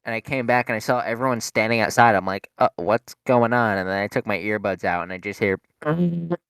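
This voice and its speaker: A man's voice: on the low side, level tone, quick pace, fairly bright tone, clean tone, dry recording. A young man, a podcast co-host, telling a rambling story in casual chat, full of fillers and swearing. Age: young adult.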